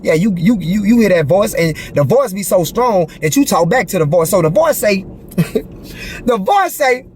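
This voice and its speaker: In a casual storytelling monologue delivered to the camera, a man with a high voice speaks at a moderate pace about something personal. He's animated, curses heavily in street slang, and keeps asking the listener "you feel me." There's slight background noise.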